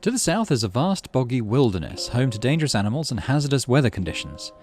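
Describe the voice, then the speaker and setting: A man's voice: mid-range voice, sing-song, fast, a little mellow, soft background music. A man hosting a game playthrough, reading the game's text aloud and thinking through choices. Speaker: gaming channel host.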